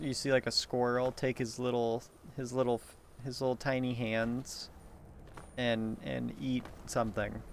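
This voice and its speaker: A man's voice: mid-range voice, creaky, slight background noise. A man talking in a rambling solo monologue, meandering and profane, with frequent laughs and restarts.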